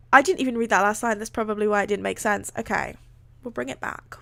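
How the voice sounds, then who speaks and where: A woman's voice: mid-range voice, fairly even intonation, fast talker, creaky, a bit bright, dry recording, studio quality. A woman streaming live, reading fan fiction aloud between casual chat. She swears freely and makes self-deprecating asides. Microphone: streaming setup.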